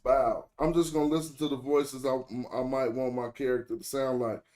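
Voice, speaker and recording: A man walks viewers through a casual screen-share tutorial in an easy middle-pitched voice. He rambles in a slangy way and stops to fix his own words as he goes. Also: little pitch movement, brisk, darkish tone. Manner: loose, rambling, corrects himself mid-sentence; slangy, chatty address to viewers. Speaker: online tutorial host.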